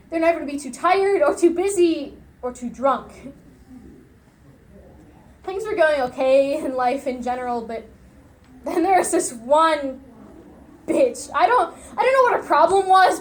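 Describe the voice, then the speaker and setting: A young woman in a speech competition performs a dramatic monologue as an unhinged young loner raised by television. Her natural voice echoes in a reverberant space as she lurches between hushed murmurs and shrill outbursts.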